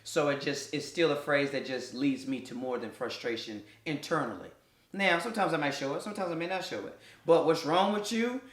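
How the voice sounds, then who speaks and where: A man's voice: mid-range voice, brisk, a bit bright, reverberant. A man co-hosting a casual podcast chat, reflective and joking by turns. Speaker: podcast co-host.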